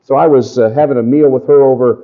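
A man's voice: medium pitch, quick pace. Folksy preacher man, dull lo-fi recording. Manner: folksy, animated storytelling to a congregation. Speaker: pastor. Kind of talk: sermon testimony. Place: church or camp meeting.

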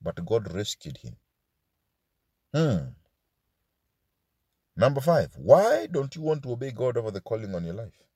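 A man's voice: medium pitch, very animated, measured pace, long pauses, dark tone, slightly rough, no room sound, clean studio sound. A man preaching a sermon as pastor, asking his listeners question after question and dropping into Swahili asides.

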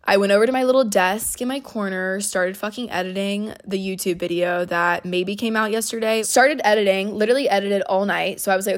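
A young woman hosts her podcast and spills a long story in loose, casual chat. Her voice has a gravelly fry, and she swears freely and leans on "like" all the way through. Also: mid-range voice, fairly quick, few pauses. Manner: profane, rambling, heavy use of "like". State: emotional. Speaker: podcast host.

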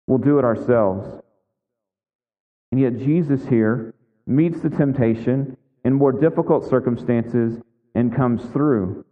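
A man's voice: medium pitch, slow. A man preaching a sermon as pastor in a conversational way, with frequent asides asking his listeners. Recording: tinny lo-fi sound in a big echoing hall.

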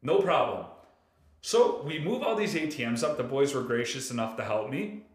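A man's voice: medium pitch, normal speed, echoey room. A man hosting a podcast, ranting in casual chat with lots of swearing. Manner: animated, profane ranting. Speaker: podcast host.

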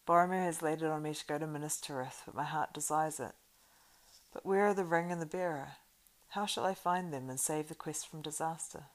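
A woman reading a story aloud and voicing a grave, weary man who leads the group, speaking in solemn, measured old-fashioned phrases. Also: low-pitched, natural voice. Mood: grieving.

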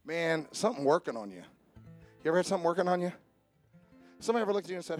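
High-voiced, impassioned male pastor preaching. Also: lively intonation, very fast, long pauses, faint music behind. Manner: emphatic preaching, swinging from shouting to low conversational asides. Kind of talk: sermon. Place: church sanctuary.

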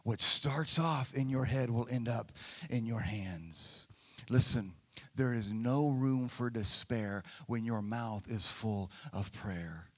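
A man preaching a sermon as a pastor, swinging from hushed, quiet passages to loud, emphatic ones and acting out the voices of people he quotes. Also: medium pitch, takes it slowly, husky.

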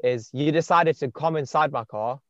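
A man's voice: fairly high pitch, moderate pace, a bit bright, no echo. Laid-back young man, muffled sound. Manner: laid-back storytelling with many fillers. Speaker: podcast host and dating coach. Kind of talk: casual podcast chat. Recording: dull muffled podcast sound.

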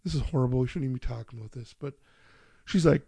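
A man's voice: medium pitch, fast, vocal fry, warm tone, breathy edge, no room sound, studio quality. A man in his thirties hosting a podcast, telling profane family stories in casual chat and laughing often. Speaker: podcast host.

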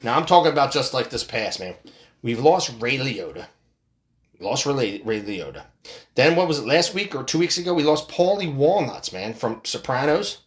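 A man's voice: mid-range voice, big pitch swings, normal speed. A middle-aged man hosting a solo podcast, ranting in a profane, rambling way with frequent restarts. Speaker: podcast host.

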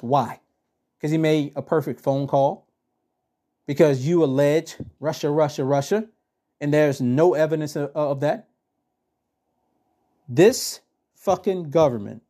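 A man hosting a podcast, ranting bluntly with heavy profanity and telling a story in a casual, animated way. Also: on the high side. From Texas. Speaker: podcast host. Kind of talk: profane political rant and storytelling.

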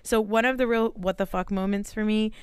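Woman co-host, smooth clear voice, dry close sound, blunt and animated movie chat. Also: medium pitch, fairly quick, dry recording. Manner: blunt, animated, swears and laughs often. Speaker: podcast co-host. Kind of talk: casual movie review chat.

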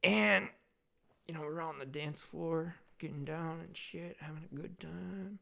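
A man's voice: fairly high pitch, unhurried, vocal fry, fairly bright tone. A young man hosting a podcast, telling a loose, profane, rambling anecdote in casual chat. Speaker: podcast host.

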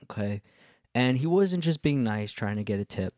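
A man's voice: medium pitch, lively intonation, normal speed, darkish tone, no room sound, studio quality. A man telling a travel story in a casual, rambling way, full of fillers and cheerful swearing. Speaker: travel vlogger.

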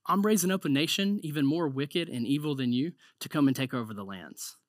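A man's voice: on the high side, a little fast, no room sound, clean studio sound. A man preaching a conversational sermon, often repeating words and saying "like".

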